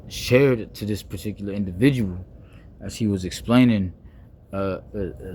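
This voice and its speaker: A young man, rambling playfully in a casual vlog monologue, full of slang, restarts and deliberately wordy phrasing. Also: on the low side, a little mellow, a little hiss or hum. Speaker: vlogger.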